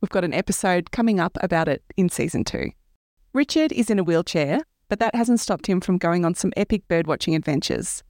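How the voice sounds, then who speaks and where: A woman hosts the show, reading narration from a script in a clear, steady way. Her voice sits on the low side for a woman. The recording is dry and close. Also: fairly quick, no room sound. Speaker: podcast host.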